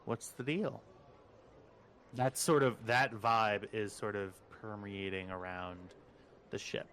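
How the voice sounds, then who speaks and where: A man acting as game master, chatting casually and telling rambling, animated stories before narrating the game. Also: a little slow, slight background noise. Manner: animated rambling storyteller, squeaky high voice for quotes.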